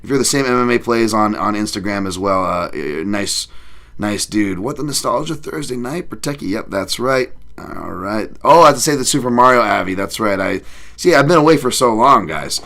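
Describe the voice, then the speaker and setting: A man hosting a podcast livestream in a casual chat, rambling and excitable, thanking viewers and swearing often. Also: lowish voice, normal speed, creaky. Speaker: podcast host.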